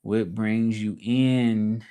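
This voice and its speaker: Here the male host's voice runs on the low side, steady, extremely slow, mellow and clean. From home in Mexico he runs a casual livestream, rambling, restarting, and voicing comments from the chat.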